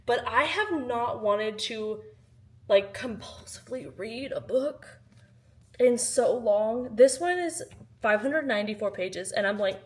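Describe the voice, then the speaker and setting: A woman vlogging casually about books at home, chatty and animated, swinging between loud exclamations and quiet asides. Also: a little high, measured pace. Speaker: book vlogger. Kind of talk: casual vlog chat. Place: at home, in her kitchen.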